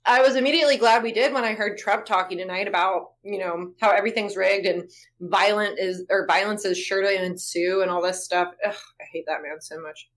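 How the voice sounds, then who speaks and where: A woman's voice: medium pitch, steady tone, a little fast, a bit bright. A woman co-hosts a casual podcast in a plain, everyday voice. She speaks frankly and laughs easily between remarks. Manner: plain-spoken, easy laughs. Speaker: podcast co-host. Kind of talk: casual chat.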